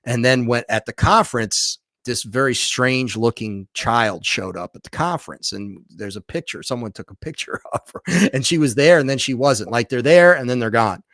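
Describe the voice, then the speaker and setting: Medium in pitch and normal in speed, his speech has few pauses and is recorded at studio quality without echo. He is a documentary filmmaker and author telling a story on a podcast, lively and prone to repeated restarts and repetitions.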